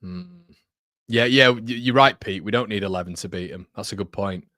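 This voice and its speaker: A young man hosting a live football watchalong, chatty and excitable, jumping from loud outbursts to muttering. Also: fairly low pitch, normal speed, no room sound, studio quality. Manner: excitable, chatty, swings between shouting and muttering. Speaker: watchalong host. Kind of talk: live match watchalong commentary.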